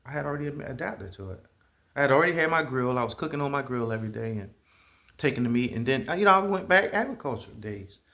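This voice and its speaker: A man telling stories in a casual monologue, profane and animated, imitating the sounds he describes. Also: medium pitch, fast. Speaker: vlogger.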